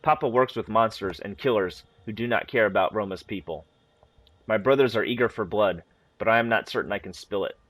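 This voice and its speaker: With a lowish voice and no room sound, a man who runs a gaming channel narrates in-game story files at an even, measured pace. Now and then he adds a casual remark.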